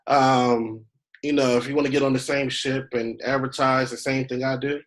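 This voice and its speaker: Walking trainees through pages on a shared screen, a male travel agent muses aloud in a casual online session. He has a medium pitch with little variation and a moderate pace, captured on a low-quality recording.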